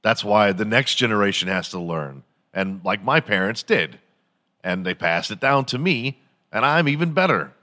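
A podcast host with a lowish, sharp-toned voice launches into a crude, mocking comedic rant at a moderate pace. His intonation is lively, he swears freely, and he slips into silly impressions.

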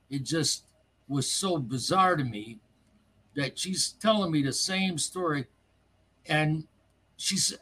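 Gravelly, excitable man rambling through a story. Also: fairly high pitch. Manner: rambling, excitable, lots of asides. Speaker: caller telling his story. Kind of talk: casual storytelling.

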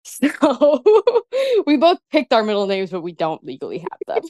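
A young woman, a pro wrestler guest, chats casually in an interview, giggling often and peppering her speech with "like." Her medium-pitched voice is sing-song and a little mellow, at a moderate pace, with no room sound.

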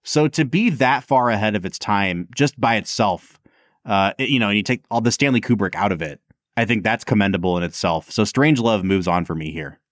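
Man, podcast co-host, lively pitch, casual film chat, dry close sound. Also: fairly quick, dry recording. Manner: animated, lots of fillers. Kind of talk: casual chat about films.

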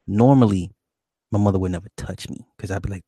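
A man's voice: low-pitched, brisk, dark tone, slightly rough, no echo, clean studio sound. A man hosting a call-in show, telling a childhood story in a laid-back, profane way and laughing often. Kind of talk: casual late-night call-in storytelling.

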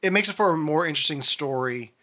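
Bright-toned man, easygoing podcast chat. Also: a little high, expressive, quick pace. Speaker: podcast co-host. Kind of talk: casual chat.

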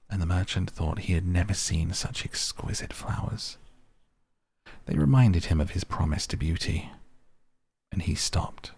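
A man narrating a bedtime story as the host of a sleep podcast, in a gentle, measured reading. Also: low-pitched, gravelly, slightly rough, dry recording.

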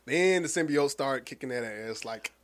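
A man co-hosting a podcast, chatting casually and profanely about a movie and slipping into quick impressions. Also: medium pitch. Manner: animated, profane, slips into impressions. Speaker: podcast co-host. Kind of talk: casual movie review chat.

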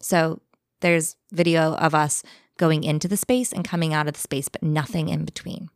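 Woman, slightly low voice, dry close mic, animated spooky storyteller in casual chat. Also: no room sound. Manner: animated, vivid, speeds up and slows down for effect. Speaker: guest telling a ghost story.

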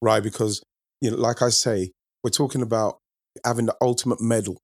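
A man's voice: mid-range voice, steady tone, fairly quick, breathy edge, dry recording, clean studio sound. A man co-hosting a football chat, talking animatedly and repeating himself as he builds a point. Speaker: football podcast co-host. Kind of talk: casual chat.

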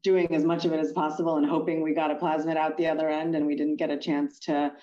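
A woman from Pennsylvania, speaking as a guest in an interview, thoughtful and halting with many fillers. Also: low voice, little pitch movement, dark tone, dull audio. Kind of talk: conversational interview answers.

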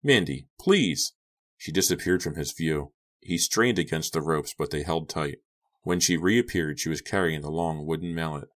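Deep-voiced man narrating an audiobook. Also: steady tone, moderate pace.

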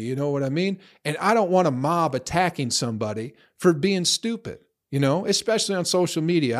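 Profane ranting man. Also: fairly high pitch. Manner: profane, heated, rambling. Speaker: social media creator. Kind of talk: ranting monologue to followers.

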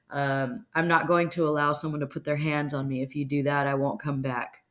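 Low-voiced blunt woman giving advice. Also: brisk, few pauses. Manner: blunt, plain-spoken, swears casually; calm, steady, instructive. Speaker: podcast host answering a listener question. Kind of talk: advice monologue.

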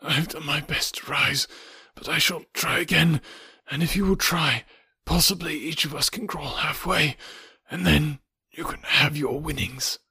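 A polite young English gentleman near death speaks in a faint, breathy voice, set somewhat above the reader's natural pitch, as a man plays him. The recording is dry and close, like a storybook read-aloud. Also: fairly even intonation, a little slow, no room sound, heavily acted. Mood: pleading. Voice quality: weak, breathy.

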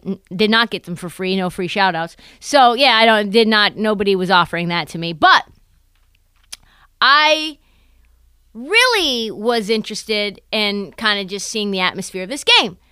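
A woman's voice: mid-range voice, pushed and bright, clear, resonant tone, dry recording. A young adult woman hosting a casual basketball podcast, telling a story with animation and acting out other people's voices. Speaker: podcast host.

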